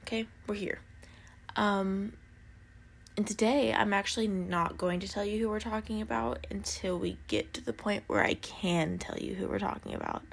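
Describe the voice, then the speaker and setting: Groggy young woman with a gravelly morning voice. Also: mid-range voice, animated, moderate pace. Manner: chatty, rambling, self-deprecating, often stumbling over words. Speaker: true crime podcaster. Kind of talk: casual chat and true crime storytelling. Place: home basement. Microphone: phone.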